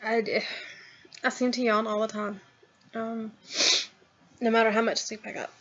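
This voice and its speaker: A woman's voice: fairly high pitch, level tone, normal speed, a bit bright, dull audio. A woman in her thirties chatting casually to her camera at home, rambling with lots of ums and trailing asides. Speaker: vlogger. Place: at home, in a house.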